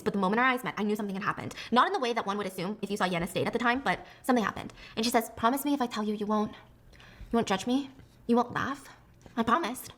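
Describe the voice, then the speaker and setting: A woman reading a story aloud with animated, excitable delivery. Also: medium pitch. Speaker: story narrator.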